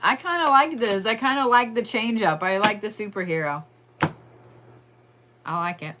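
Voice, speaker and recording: A woman's voice: medium pitch, moderate pace, pushed and bright, slight background noise. A woman giving a casual weekly horoscope and tarot reading in a chatty, profane way, stretching words for emphasis. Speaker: tarot and astrology reader.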